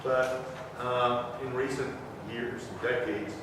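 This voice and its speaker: A man's voice: mid-range voice, fairly even intonation, takes it slowly. An older man in a class telling a chatty story about words, chuckling along as he goes. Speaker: class member. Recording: distant, echoey hall with noise.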